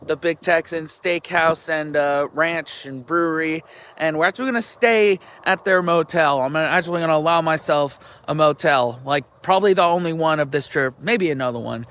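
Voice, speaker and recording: Driving on a road trip, a male travel vlogger rambles in a chatty, casual way, using many fillers. His voice is fairly high and fairly bright, recorded on a handheld camera in the car.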